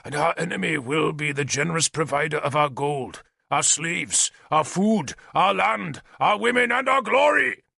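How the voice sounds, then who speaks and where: Brief: a man voicing a vengeful warlord king in an audiobook, raised pitch, gravelly, shouted threats. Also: animated, moderate pace, few pauses, no room sound, clean studio sound, exaggerated voice. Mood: furious. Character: raging one-armed warlord king, cruel, vengeful.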